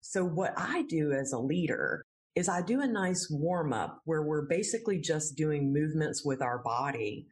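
A woman's voice: low-pitched, animated, normal speed, a little mellow. A woman who teaches laughter yoga, a guest in an interview. She explains things patiently and earnestly and laughs easily.

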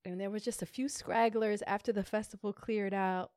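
A tipsy woman co-hosts a casual podcast, loud and playful, her voice getting big and animated. The sound is dry and close, with no room around it. Her pitch sits in a middle register. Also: moderate pace, dry recording. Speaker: podcast co-host. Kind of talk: casual chat.

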